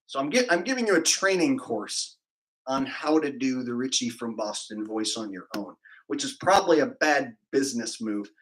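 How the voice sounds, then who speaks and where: A man's voice: medium pitch, expressive, normal speed, rough recording. A man hosting a livestream, rambling and cracking crude jokes as he reads out donations. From California. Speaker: livestream host reading donations. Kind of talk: casual livestream banter.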